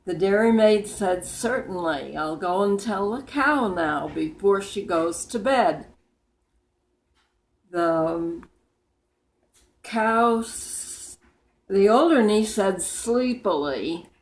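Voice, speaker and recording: Very old woman reciting poems slowly. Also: on the low side, low-quality recording. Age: about 100. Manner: slow, deliberate recitation with small slips and restarts.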